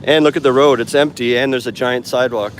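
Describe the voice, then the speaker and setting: Slight background noise accompanies a mid-range male voice with fairly even intonation and a fast delivery. It's an English teacher and vlogger walking a city street on a live stream, holding his phone camera and rambling casually with lots of fillers.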